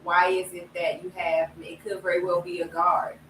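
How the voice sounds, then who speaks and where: A woman's voice: on the low side, monotone, moderate pace. A woman in a casual group discussion, talking things through reflectively and acting out her own past outbursts. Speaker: panel guest. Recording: roomy, distant mic with faint noise.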